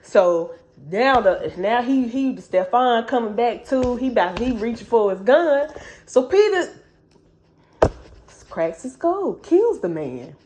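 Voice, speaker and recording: A woman recapping a book for her viewers in loose, chatty slang. Her pitch swings widely as she tells the story. She keeps things casual and animated. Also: takes it slowly. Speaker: book reviewer.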